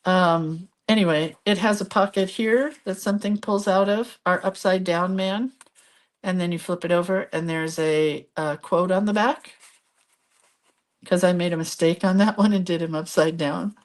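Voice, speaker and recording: A woman's voice: fairly low pitch, fairly even intonation, normal speed. A middle-aged woman hosting a live crafting video, chatting casually as she shows her pages and reads viewer comments aloud.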